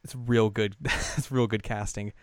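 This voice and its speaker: A man co-hosting a podcast, explaining things in a laid-back, halting way full of fillers. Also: on the low side, steady tone, darkish tone, dry recording, clean studio sound. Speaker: podcast co-host. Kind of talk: casual chat.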